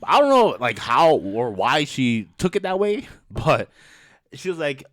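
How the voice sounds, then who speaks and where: A man co-hosting a podcast, loud and expressive, telling a story with lots of laughter. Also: medium pitch, unhurried, no room sound. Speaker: podcast co-host. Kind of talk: casual chat, storytelling.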